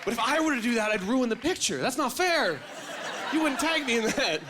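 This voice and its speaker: A man with a high voice performs stand-up comedy, telling his story with animated energy and slipping into voices of other people. Loud room noise runs behind him. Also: a little fast, over a noisy crowd. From Canada. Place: comedy club stage with live audience.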